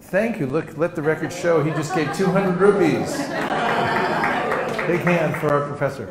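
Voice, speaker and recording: A man teaching a seminar, acting out sample conversations in a lively way and laughing often. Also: on the high side, normal speed, over a noisy crowd. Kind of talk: teaching with acted-out demonstrations. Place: seminar room with an audience. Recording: roomy hall echo, faint noise.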